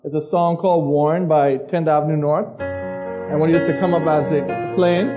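A man's voice: fairly high pitch, steady tone, moderate pace, soft background music. A man preaching an informal sermon to teenagers as a youth pastor, chatty, asking questions of the room and repeating his phrases. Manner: conversational, asks the crowd questions, repeats phrases. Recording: dull lo-fi recording of a live service.

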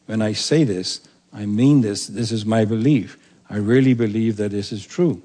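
A man pastor preaching a sermon in an earnest, emphatic way, slowing down to read scripture aloud. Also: lowish voice, dark tone.

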